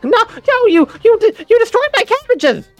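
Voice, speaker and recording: A furious cabbage seller yells in a squeaky, strained falsetto, put on by a man running a tabletop game. Faint music plays underneath. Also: very animated, normal speed, exaggerated voice. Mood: outraged. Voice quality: squeaky high shout. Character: angry male cabbage merchant.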